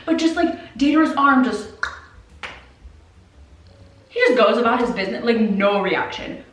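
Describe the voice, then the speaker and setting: A woman's voice: on the high side, expressive, unhurried, a little hiss or hum. A woman rants in casual commentary, exasperated and disbelieving, laughing as she talks. She sits a bit back from the mic, and the room around her rings with echo. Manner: exasperated, incredulous, laughs often. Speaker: anime commentator. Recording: roomy, distant from the mic.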